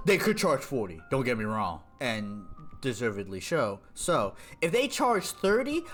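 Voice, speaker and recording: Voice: mid-range voice, fairly bright tone. A streamer chatting casually about a video game, rambling with lots of fillers and restarts.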